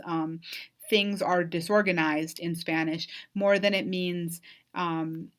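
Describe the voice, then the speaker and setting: A woman's voice: fairly low pitch, fairly bright tone. A woman giving a recorded online lecture as a Spanish instructor, explaining vocabulary patiently and checking in with frequent "right?" and "um".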